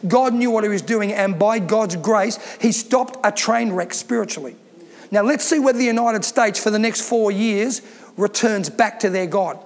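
A man's voice: sits high, moderate pace, in a large hall. A man preaching a sermon as pastor, emphatic and given to repeating his points. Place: church.

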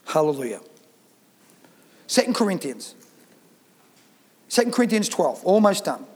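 A pastor preaching a sermon, emphatic and reading scripture aloud. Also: male voice, sits high, big pitch swings, unhurried, pauses often, in a large hall.

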